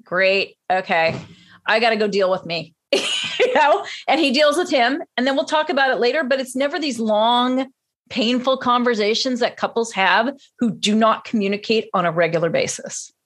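A woman guest talking earnestly in a relaxed conversation. Her voice sits a little higher than most, and she acts out the words she says to her partner. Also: moderate pace. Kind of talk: casual conversation.

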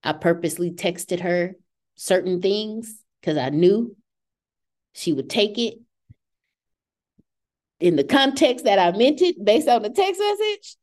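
A woman in her thirties hosting a podcast discussion, lively and acting out what others said. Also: fairly low pitch, measured pace. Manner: animated, acts out quoted voices. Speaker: podcast host. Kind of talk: casual group discussion.

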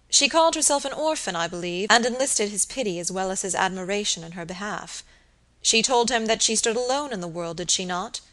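A woman's voice: mid-range voice, a bit bright, close to an everyday voice. A woman reading an audiobook and voicing a grave, suspicious young male barrister who speaks with insistent earnestness.

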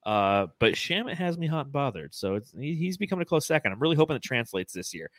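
A man's voice: medium pitch, sing-song, fairly bright tone, no room sound. A man co-hosting a casual sports podcast, joking and laughing as he talks. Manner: laughing, joking, quick asides. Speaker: podcast co-host. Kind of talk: casual chat.

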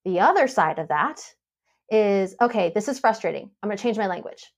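A woman on a podcast, coaching and telling a story with lively quoted voices. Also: mid-range voice, brisk. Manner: animated storytelling, acts out quoted dialogue. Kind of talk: casual podcast conversation.

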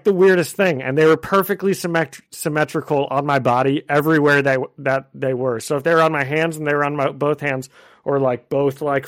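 A man's voice: medium pitch, no room sound, studio quality. A man co-hosting a podcast, chatting casually with a slight cough as he gets over a cold, laughing often. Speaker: podcast co-host. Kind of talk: casual chat.

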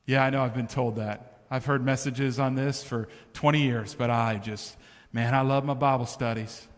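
A man's voice: medium pitch, fairly even intonation, moderate pace. A man preaching a sermon as pastor, talking to the congregation in an emphatic, conversational way that builds in intensity. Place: church sanctuary. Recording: reverberant church hall.

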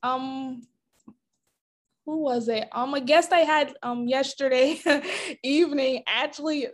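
A woman's voice: sits high, slow. A woman hosting a podcast in casual interview chat, giggling often between her words. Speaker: podcast host.

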